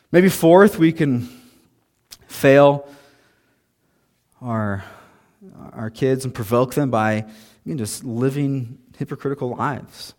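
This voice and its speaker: A man in his thirties delivers a sermon from the pulpit. His pitch sits in the middle of the usual range, and his tone stays conversational. He drops in self-deprecating asides as he goes. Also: a little mellow. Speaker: pastor.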